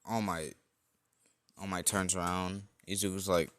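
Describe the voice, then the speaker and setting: Low-voiced man rambling a fan story. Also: fairly even intonation, normal speed, fairly bright tone. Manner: rambling, self-correcting. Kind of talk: casual improvised storytelling.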